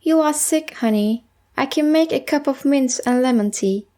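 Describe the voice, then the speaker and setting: A woman's voice: high voice, normal speed, dark tone, natural voice. A woman voicing a patient, caring mother who soothes and calls others honey.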